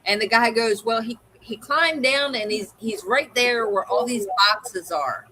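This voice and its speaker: Woman, livestream co-host, casual storytelling, acts out voices, bright tone, slightly high pitch. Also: a little slow, slight background noise, low-quality recording. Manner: animated storyteller, acts out quoted people.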